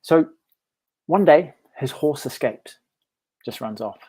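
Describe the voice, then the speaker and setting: A meditation teacher talking casually to camera, telling a parable in a friendly, reflective way with frequent chuckles. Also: male voice, fairly high pitch, expressive, slow pace, warm tone, husky. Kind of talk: casual storytelling vlog.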